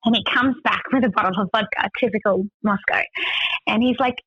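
Aussie woman telling a story, chatty, lots of "like", bright voice, kinda dull dry audio. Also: on the high side, brisk, no room sound. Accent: Australian. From Australia. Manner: chatty, many "like" fillers. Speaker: guest. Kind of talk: casual storytelling.

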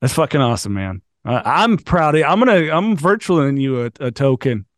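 A man's voice: mid-range voice, very animated, brisk. A man with a mid-range voice hosts a casual talk, blunt and encouraging. His speech comes through dry, with no room echo, and he swears casually. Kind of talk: casual conversation.

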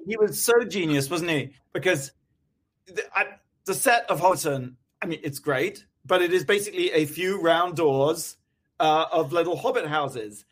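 A man with a fairly high voice chats with a wry, offhand manner and drops the odd curse. The delivery stays loose and conversational. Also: normal speed, a bit bright. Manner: wry, casual, swears offhandedly. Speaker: co-host. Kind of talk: casual chat.

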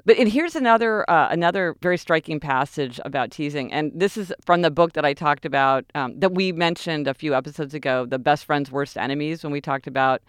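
A woman's voice: deep voice, brisk, hardly any pauses, clear, resonant tone, no room sound, clean studio sound. A woman co-hosting a podcast in casual, thoughtful conversation, sometimes reading passages aloud with emphasis. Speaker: podcast co-host.

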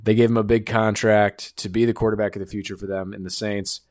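Male sports talker, deep voice, joking and opinionated, dry close sound. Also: flat delivery, a little mellow, dry recording. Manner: fast riffing, joking asides, opinionated. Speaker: sports commentator. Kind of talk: casual sports talk.

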